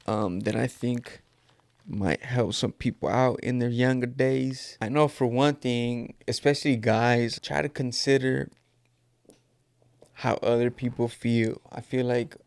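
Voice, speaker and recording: A man's voice: mid-range voice, steady tone, a little slow, creaky, darkish tone, no echo. A man in his thirties with a California Mexican-American Spanglish accent, hosting a podcast in rambling, joking casual chat. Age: 30s. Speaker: podcast host. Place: at home. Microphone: camera.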